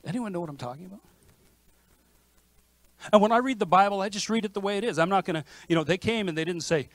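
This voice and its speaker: A man preaching a sermon as pastor, in a lively conversational manner with frequent restarts. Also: high voice, quick pace, no echo. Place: church sanctuary.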